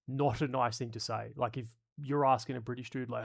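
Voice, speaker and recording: A man with a gravelly edge to his voice, talking through a casual live stream at a middling pitch. He reads out viewer comments and riffs on them, joking and swearing as he rambles along. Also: fairly even intonation, brisk. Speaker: streamer host.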